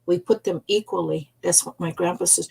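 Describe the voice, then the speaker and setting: An older woman, an elder storyteller, teaching gently in a soft, unhurried way and repeating phrases for emphasis. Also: lowish voice, steady tone, gravelly, slight background noise, poor audio.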